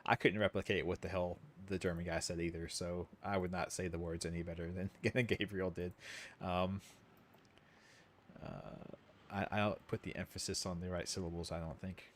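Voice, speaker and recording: A man's voice: sits low, steady tone, moderate pace, a little hiss or hum. A man giving casual, sarcastic, rambling commentary while streaming a game.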